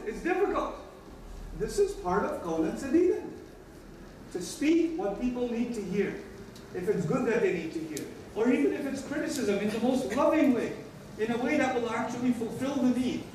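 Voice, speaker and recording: A man gives an earnest sermon in a high voice, slipping into short acted exchanges to make his points. He is heard from a distance in a large, very echoey hall with faint background noise. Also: darkish tone. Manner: earnest, acts out little dialogues with other voices. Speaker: preacher.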